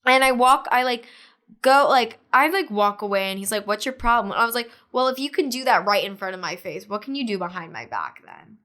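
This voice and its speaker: A woman's voice: a little high, brisk. A young woman, a podcast guest, casually telling a story with lots of fillers and acting out what others said. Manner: animated retelling with many fillers, acting out others' lines.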